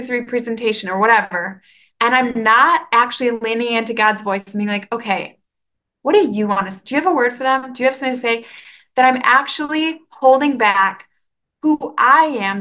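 Upbeat woman podcaster, bright higher voice, earnest, chatty, lively restarts; casual faith talk. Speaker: podcast host.

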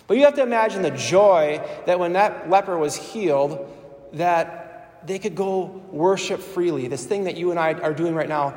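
A man delivering a sermon in a church, speaking with earnest, conversational conviction and repeating himself for emphasis. His fairly high voice rings out into a large, echoey space with a long reverb tail. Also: darkish tone. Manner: earnest, repetitive, conversational preaching.

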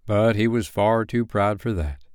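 Male bedtime-story reader, low and animated, dry close sound. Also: a little slow, clean tone, no room sound. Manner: expressive, animated reading.

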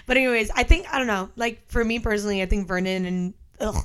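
A woman's voice: mid-range voice, fast talker, clear, resonant tone. Earnest young woman in casual chat. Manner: earnest, sighs "ugh" when correcting herself. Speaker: podcast co-host.

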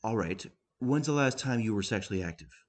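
A man voicing a falsely cheerful male doctor who talks in a bright, sing-song way. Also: fairly low pitch, expressive, a little fast. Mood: chirpy.

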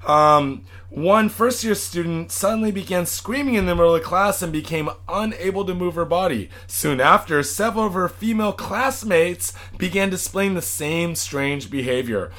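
A man's voice: high-pitched, fairly bright tone. A man co-hosting a casual podcast, reading news items and riffing on them crudely with a lot of swearing. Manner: reads news items then riffs crudely, swears often. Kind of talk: casual profane podcast banter.

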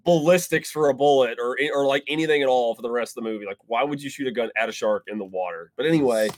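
A man's voice: mid-range voice, fast talker, darkish tone. A man in a casual movie review chat, rambling and full of filler words.

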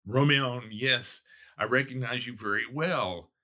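A man voicing a haunted young man, half in terror and half in love, calling out with eager intensity. the voice is bright and forceful, and it is read slowly and deliberately. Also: medium pitch, voice pushed up.

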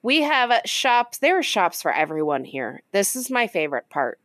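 A woman's voice: medium pitch, sing-song, moderate pace, a bit bright, no echo. Woman co-host, casual and enthusiastic, dry close sound. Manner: enthusiastic, laughs often. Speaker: podcast co-host. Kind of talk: casual chat.

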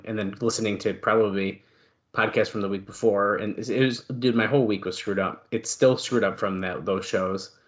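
A man's voice: fairly low pitch, fairly bright tone. A man co-hosting a casual wrestling podcast, rambling along with lots of fillers. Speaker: podcast co-host.

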